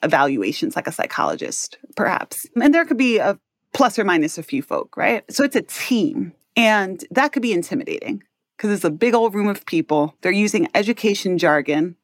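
A woman's voice: mid-range voice, sing-song, normal speed, no room sound, studio quality. A woman in her thirties with a New York accent, an educator and parent speaking as a podcast guest, explaining things earnestly and often checking in with "right?". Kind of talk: podcast interview.

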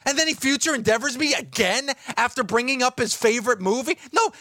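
A man's voice: very high voice, lively intonation, brisk, bright, forceful tone, dry recording, clean studio sound. A man co-hosting a talk radio show, defensive and insistent, repeating his points in heated banter.

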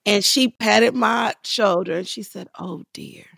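A woman guest in a podcast interview, telling stories in a lively way and acting out the voices of the people she quotes. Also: measured pace, gravelly, no room sound, clean studio sound. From Los Angeles. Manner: acts out quoted voices with big pitch jumps, laughing, lively. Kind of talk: animated storytelling in a podcast interview.

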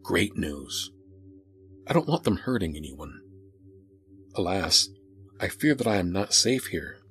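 A man narrating a first-person horror story in a grim, deliberate manner. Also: low-pitched, sing-song, a bit bright.

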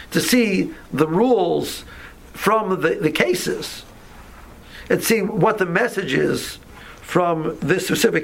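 A man's voice: sits high, gravelly, a bit bright, breathy edge, rough recording. A man teaching an informal Torah class, talking conversationally with many restarts and asides.

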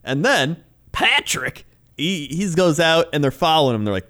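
In this casual podcast chat, a male co-host recaps a TV show at a moderate pace, his voice sitting on the high side. The story comes with frequent laughter and lively, acted-out quotes.

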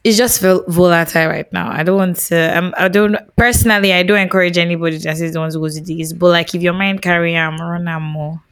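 A woman's voice: on the low side, fairly even intonation, fast, few pauses, clean tone, no room sound. A Nigerian woman co-hosting a podcast, talking expressively in a casual chat and mixing Pidgin phrases into her English. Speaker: podcast co-host.

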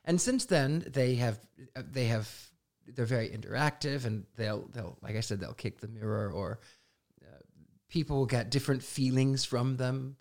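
A man's voice: mid-range voice, normal speed. A man, a psychic guest, telling stories in a casual podcast interview, laughing often and acting out what people said. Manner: animated, laughing storyteller who acts out dialogue.

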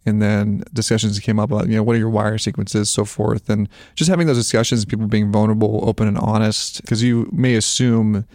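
A man chatting as a podcast guest, relaxed and conversational, in a room. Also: fairly low pitch, fairly quick, hardly any pauses, dry recording, clean studio sound. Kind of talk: casual chat.

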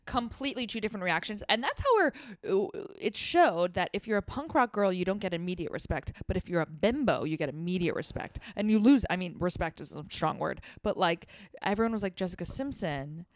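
Animated woman podcast co-host. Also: medium pitch, no room sound, clean studio sound. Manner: animated, quick to chime in. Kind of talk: casual chat.

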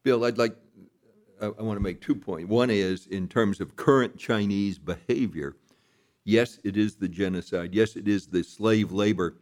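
A man with a somewhat low voice speaks as an interview guest. He tells his stories gravely and with emphasis, stressing each point. His tone is serious. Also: moderate pace, a little mellow. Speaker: foundation leader, guest. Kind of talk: interview discussion.

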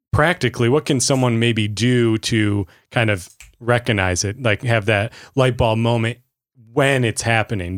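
A man's voice: mid-range voice, dry recording, clean studio sound. A man hosting a podcast, introducing the guest and asking a question with hesitant fillers. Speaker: podcast host. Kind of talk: interview hosting.

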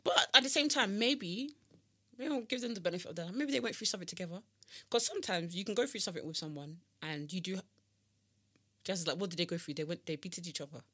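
Teasing, bright-voiced woman co-host. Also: on the low side, lively intonation, quick pace, breathy edge. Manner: teasing, joking storyteller. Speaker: podcast co-host. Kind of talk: casual chat.

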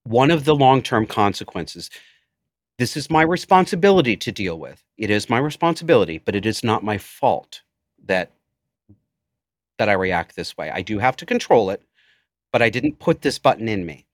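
A man's voice: on the low side, big pitch swings, normal speed, no room sound, studio quality. A man in his forties, a podcast guest, speaking intensely and emotionally about his life. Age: 40s. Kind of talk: personal storytelling in interview.

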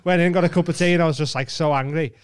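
Against a noisy background, an English man co-hosting a podcast rattles off a story rapid-fire in a fairly high voice. The chat is casual and animated, with lots of swearing and laughter.

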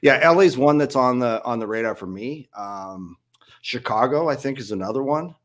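A man's voice: medium pitch, expressive, moderate pace, a bit bright. A man guesting on a fan podcast over a video call, chatting in a friendly way and tagging his remarks with "right?". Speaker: fan club president guest. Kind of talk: casual chat.

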